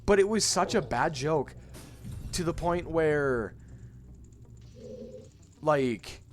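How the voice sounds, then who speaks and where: A young man with a fairly high, lively voice talks extremely slowly, faint music behind him. In casual gaming chat as a let's play co-host, he tells a wandering school story, restarting often and swearing casually.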